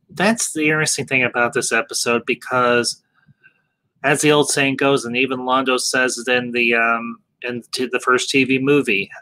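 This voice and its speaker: A man's voice: medium pitch, sharp tone, dry recording, low-quality recording. A man hosting a casual discussion, speaking animatedly, posing questions and restarting his sentences. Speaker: podcast host moderating a discussion.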